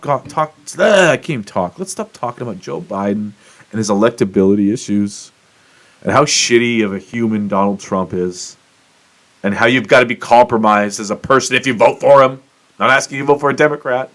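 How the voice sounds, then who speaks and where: A man's voice: fairly low pitch, a little fast, a bit bright. A middle-aged man from the United States hosting his own show, ranting in casual commentary with swearing and self-mocking outbursts. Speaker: podcast host.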